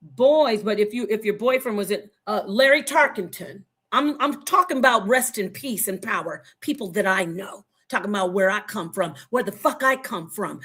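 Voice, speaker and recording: A woman's voice: mid-range voice, animated, normal speed, a bit bright, breathy edge. A woman in her fifties from Phoenix, Arizona, speaking as a panelist in an online forum. She argues heatedly and confrontationally, swears freely, and rambles, repeating and restarting her phrases. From Phoenix, Arizona, USA. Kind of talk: heated opinion talk.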